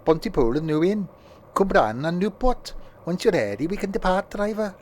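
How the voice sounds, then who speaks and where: A man voicing a polite male train guard who announces the stops in a drawn-out announcer manner. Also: high-pitched, big pitch swings, darkish tone, slight background noise, voice pushed up. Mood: chirpy.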